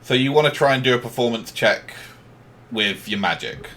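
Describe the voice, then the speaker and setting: A man with a bright, forceful tone runs a tabletop game over voice chat. His pitch jumps around a lot as he narrates in a laid-back way, laughing often and stumbling over restarts. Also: expressive, normal speed. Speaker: game master. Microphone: voice chat microphone.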